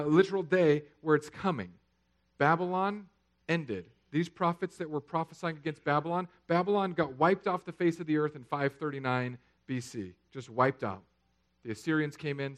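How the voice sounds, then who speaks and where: A man in his thirties preaches with a voice pitched a little high. He moves from loud, emphatic declarations to quiet, low asides. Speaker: pastor. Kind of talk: sermon.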